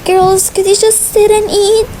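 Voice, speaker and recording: A woman's voice: very high-pitched, little pitch movement, unhurried, background noise, voice pushed up. Woman doing a fussy mom of twins. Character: busy caring mother of twins. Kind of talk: toy game role-play. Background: background music.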